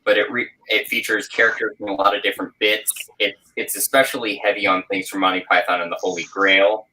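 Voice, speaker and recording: A deep-voiced man with a bright, forward tone, chatting on a podcast. He talks hesitantly, with many fillers and restarts. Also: level tone, a little fast, poor audio. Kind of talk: casual podcast chat.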